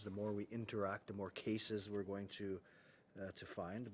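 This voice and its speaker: A man's voice: on the low side, a little hiss or hum. A man, a public health official, giving a matter-of-fact press briefing update with frequent "uh" fillers. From Canada.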